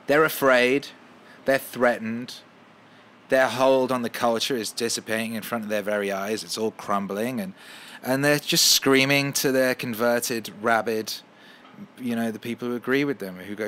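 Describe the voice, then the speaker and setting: A man hosting a casual podcast at home, ranting with heavy swearing and loud heated outbursts. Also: mid-range voice, normal speed. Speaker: podcast host.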